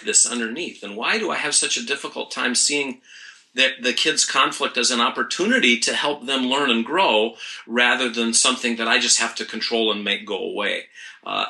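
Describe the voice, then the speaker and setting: Bright-voiced reflective middle-aged man. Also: mid-range voice. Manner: thoughtful, with frequent restarts. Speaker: parenting mentor guest. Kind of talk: reflective interview talk.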